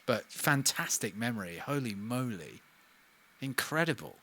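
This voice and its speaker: A young man, a singer-songwriter chatting casually on a live stream during a recording session, self-mocking with soft muttered asides. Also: on the low side, lively intonation, a little slow, slight background noise.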